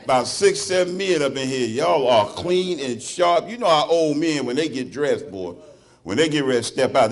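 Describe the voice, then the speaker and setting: A man's voice: medium pitch, expressive, moderate pace. A man with a Southern US accent doing a stand-up comedy set, loosely teasing the crowd and laughing along as he talks. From Alabama. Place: club stage before a live audience.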